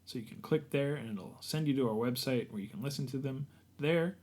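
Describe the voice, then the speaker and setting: A man's voice: mid-range voice, fairly quick, a little mellow. A young adult man co-hosting a podcast in casual, jokey chat, laughing often. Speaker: podcast co-host.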